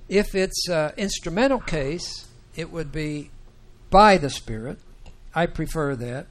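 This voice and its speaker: A man teaching a Bible class, talking slowly and haltingly with many fillers and restarts. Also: a little high, animated, slight background noise. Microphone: microphone that sometimes cuts out.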